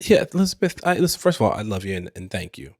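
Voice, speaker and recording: A man's voice: on the low side, very animated, very fast, no room sound, clean studio sound. A man co-hosting a casual chat podcast, joking and laughing often as he reads listener letters. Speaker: podcast co-host.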